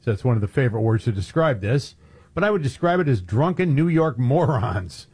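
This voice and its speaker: A man's voice: mid-range voice, sing-song, fairly quick, a little mellow, slightly rough. A man co-hosting a talk radio show, reading news stories aloud with dry, sarcastic asides in casual chat. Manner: wry, sarcastic storytelling. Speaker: radio co-host.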